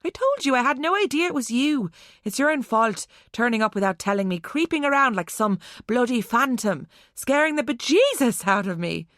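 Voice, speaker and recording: A woman voicing an unhinged young woman who talks about murder with a mocking calm. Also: fairly high pitch, normal speed, dry recording, clean studio sound, voice pushed up. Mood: shrill, excited. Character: unhinged young Irish woman, cold and menacing.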